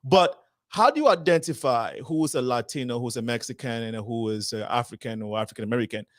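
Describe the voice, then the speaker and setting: A man's voice: mid-range voice, quick pace, no room sound. Male panel host, probing questions, dry close sound. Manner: probing, restates guests' points. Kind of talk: moderating a panel discussion.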